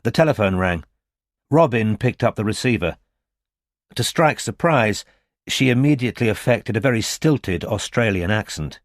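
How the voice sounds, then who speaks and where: A man narrating an audiobook in a measured, even reading, recorded on a close studio mic. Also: medium pitch, dry recording. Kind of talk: scripted narration.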